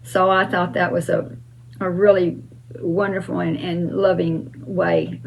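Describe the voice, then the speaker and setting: A woman's voice: lowish voice, level tone, measured pace, creaky, slight background noise, rough recording. An older woman hosting her own channel, answering fan questions in an emphatic, casual way with frequent uh and um.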